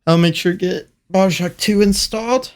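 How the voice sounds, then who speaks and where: A man hosting a casual gaming show, easygoing and quick to agree with short replies. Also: high-pitched, a little mellow. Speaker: host and player.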